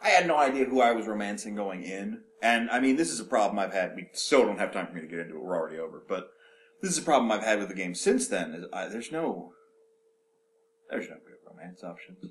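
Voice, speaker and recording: Low-voiced man, lively podcast co-host. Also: quick pace, a little hiss or hum. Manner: animated, profane, rambling. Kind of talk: casual podcast chat.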